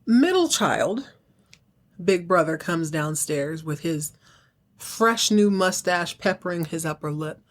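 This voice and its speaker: A woman's voice: lowish voice, lively intonation, takes it slowly. A woman hosting a podcast, casually recapping a TV episode with wry asides and acting out the characters' lines. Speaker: podcast host.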